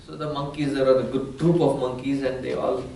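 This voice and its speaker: A man's voice: medium pitch, flat delivery, a little fast, vocal fry, mellow, slight background noise. A man giving a humorous spiritual discourse, telling jokes and teasing his audience. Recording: roomy hall, mic at a distance.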